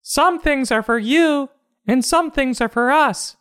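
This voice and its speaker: Man voicing smug little schoolkids, high voice, bright and slow, sing-song. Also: dry recording, studio quality. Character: bratty bossy schoolchildren, smug and teasing.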